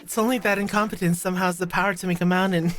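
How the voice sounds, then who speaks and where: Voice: mid-range voice, steady tone, very fast, soft background music, natural voice. A condescending girl student leader from a story game speaks in a cold, dismissive tone, read out by a streamer playing through it, always plotting. The delivery stays level and aloof. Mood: scheming.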